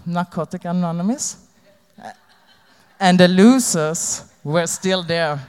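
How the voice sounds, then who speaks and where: Slow, halting woman in a reverberant hall. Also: on the low side, a little mellow, clean tone. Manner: halting, candid, plain-spoken. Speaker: recovering addict sharing her story. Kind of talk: personal testimony to an audience.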